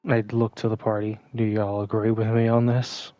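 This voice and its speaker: Flat, low-voiced man at a game table. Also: normal speed, dry recording, muffled recording. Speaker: player. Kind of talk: casual tabletop play.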